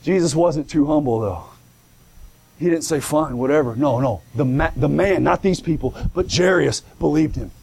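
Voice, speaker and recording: A man's voice: a little high, moderate pace, gravelly, darkish tone, slightly rough. A man preaching a sermon, reading old scripture wording and then explaining it in plain, colloquial talk, calling out praise as he goes. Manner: colloquial, repeats and restarts, calls out "come on now" and "glory".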